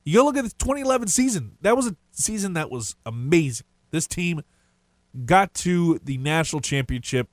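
A man hosting a sports radio show, rambling through his opinions in a casual, animated way. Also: a little high, normal speed, no room sound. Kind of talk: sports talk radio monologue. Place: radio studio.

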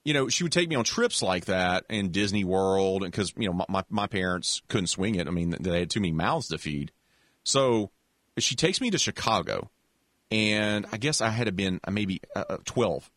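A man with a lowish voice tells a long, winding story in a loose, chatty way. He restarts sentences, speeds up and slows down, and leaps up in pitch when he gets excited. The sound is close and dry, with no room around it. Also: no echo. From American South. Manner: animated storyteller with many restarts, acts out voices. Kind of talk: casual storytelling chat.

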